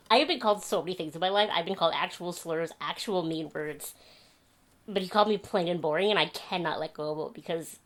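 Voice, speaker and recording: A young woman talks casually to her camera from her bedroom, her voice sitting a little low. She tells stories in a chatty, animated way and laughs easily as she goes. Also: brisk. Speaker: vlogger. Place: home bedroom.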